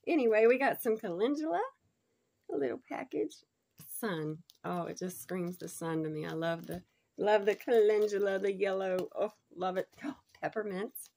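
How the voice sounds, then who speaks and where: A woman, chatting casually and gushing excitedly as she unboxes a gift, laughing often. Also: mid-range voice, moderate pace, vocal fry. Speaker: unboxing vlogger.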